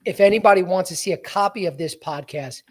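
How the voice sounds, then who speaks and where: Energetic man giving a motivational podcast talk. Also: high voice, a little fast. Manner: energetic, direct, keeps addressing listeners as guys; repeats and corrects himself mid-sentence. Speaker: podcast host and sales coach.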